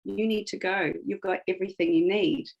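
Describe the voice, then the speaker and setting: A woman voicing an old crone from a fairy tale she is retelling, speaking plainly and calmly. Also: medium pitch, brisk, lo-fi sound, lightly acted. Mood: matter-of-fact. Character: old female crone, calm and blunt.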